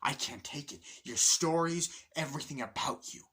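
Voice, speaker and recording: A man acting out a furious, uptight businessman at his breaking point, in a high, strained, ranting voice. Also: moderate pace. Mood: exasperated rant. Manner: shouting rant, high and strained.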